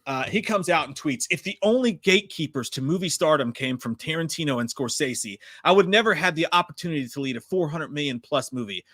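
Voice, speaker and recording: A man co-hosting a podcast, talking in an exasperated, animated way and swearing a lot. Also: on the high side, brisk, hardly any pauses, dry recording, studio quality. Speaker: podcast co-host. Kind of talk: casual profane chat.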